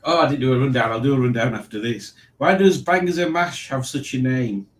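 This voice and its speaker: A man's voice: medium pitch, fairly quick, reverberant, low-quality recording. A man hosting a casual online quiz, reading questions and joking about them. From Liverpool, England. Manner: wry, mocking the questions. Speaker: quiz host.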